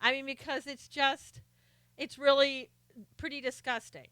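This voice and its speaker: A woman's voice: high voice, level tone, a little slow, fairly bright tone, dry recording. A middle-aged woman hosting a live stream, chatting casually and sarcastically about politics while greeting viewers by name.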